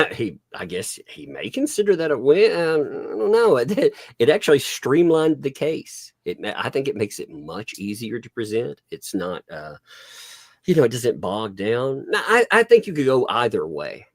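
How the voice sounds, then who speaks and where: A man's voice: mid-range voice, big pitch swings, moderate pace, no echo. A man hosting a live stream, chatting casually, rambling with fillers and laughing often. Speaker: host.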